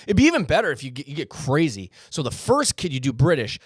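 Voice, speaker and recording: Lively, cursing New podcast host. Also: male voice, a little high, quick pace, breathy edge, dry recording, clean studio sound. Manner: animated, swears freely, tells stories. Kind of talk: casual chat.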